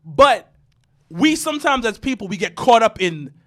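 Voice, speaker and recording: A man chatting casually on a podcast, animated and quick, acting out arguments as he talks. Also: very high-pitched. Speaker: podcast co-host. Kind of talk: casual chat.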